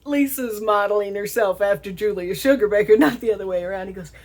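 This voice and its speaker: A woman's voice: mid-range voice, darkish tone. A middle-aged woman with a Southern American accent, talking casually to her audience as a vlog host, laughing often. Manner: chatty, laughs often, slow drawn-out emphasis. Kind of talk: casual monologue to camera.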